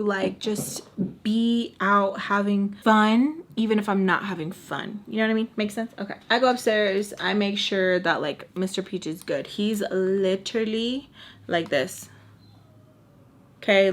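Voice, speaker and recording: Chatty young woman telling a story. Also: medium pitch. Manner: chatty, animated, drops in Spanish words and fillers. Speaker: storytime vlogger. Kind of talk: casual storytelling to camera.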